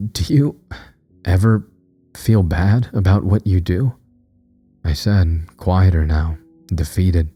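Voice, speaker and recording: Male horror narrator: very low, dark, husky tone, tense dramatic reading, soft music under it.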